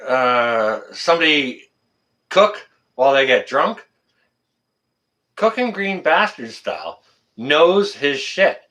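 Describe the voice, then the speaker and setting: A man talks loosely with his viewers on a live stream. He is blunt and jokey, and he swears without a second thought. His pitch swings around a lot, and his voice is bright and forceful. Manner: blunt, swears freely, chatty and joking. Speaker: channel host answering live chat. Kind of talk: casual live-stream chat.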